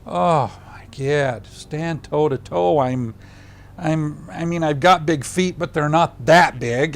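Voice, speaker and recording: An older man being interviewed, telling a personal story in a lively way, acting out what others said and dropping to a hushed voice at tender moments. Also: fairly high pitch. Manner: animated storyteller who acts out others' lines.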